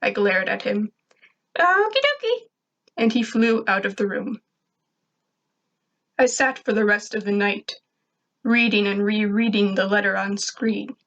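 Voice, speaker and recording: A woman reads a first-person story aloud at an unhurried, slow pace. Her mid-pitched voice stays even and plain through the narration. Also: dull audio. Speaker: fan fiction reader.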